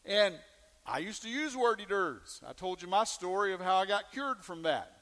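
Man, pastor, sermon, high voice, folksy storytelling, long hall reverb. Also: expressive, normal speed, fairly bright tone. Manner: folksy storytelling with questions to the congregation.

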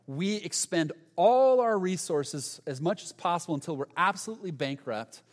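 A man delivers a sermon in an animated storytelling manner, slipping into the voices of the people he quotes. His voice sits a little high, and a long reverb trails after his words in a large hall. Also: moderate pace. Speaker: pastor.

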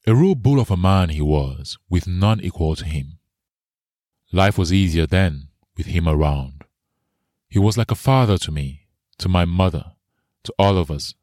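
Tired, toneless grieving mother, read by a man with a low voice. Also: animated, normal speed, darkish tone, no room sound, studio quality. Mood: mournful. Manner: toneless, simple speech rising to anguish. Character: poor grieving young mother, weary, pleading.

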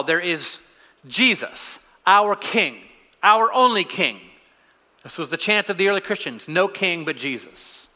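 A man delivers a sermon in a loose, talky way, full of restarts and fillers, and goes hushed when he quotes. His voice sits a touch high and sounds bright and forceful. A long hall reverb trails each phrase, as in a large church hall. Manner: conversational, with frequent restarts and fillers, dropping soft for quotes. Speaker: pastor.

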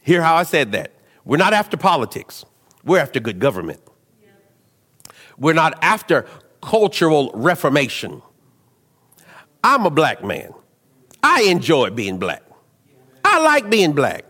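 A man preaching a sermon, telling stories in an animated way, dropping to low asides and rising to shouts. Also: measured pace, pauses often, long reverb tail.

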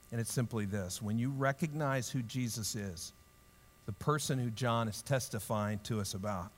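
A man preaching a sermon in a lively, humorous way, acting out the story in voices and then dropping into quiet, earnest reflection. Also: long reverb tail. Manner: drops to a low, quiet, earnest tone. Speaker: pastor.

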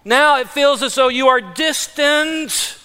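High bright-voiced guy preaching, chatty sermon, long echo of a church hall. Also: takes it slowly. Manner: conversational preaching, voicing the psalmist's words. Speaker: pastor. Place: church sanctuary.

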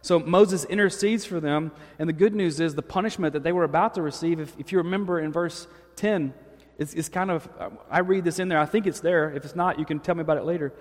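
A man's voice: a little high, brisk. A man preaching a sermon in a loose, conversational way, often restarting phrases as he works through the text. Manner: conversational preaching with frequent restarts and dramatized paraphrases. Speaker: pastor. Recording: long hall reverb.

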